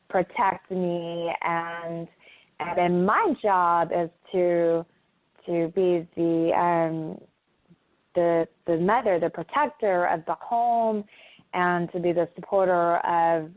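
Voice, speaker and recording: Very slow, halting woman on a tinny phone line. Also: lowish voice. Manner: hesitant, halting, many filler sounds. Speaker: guest. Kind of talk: casual interview over a call. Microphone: phone call.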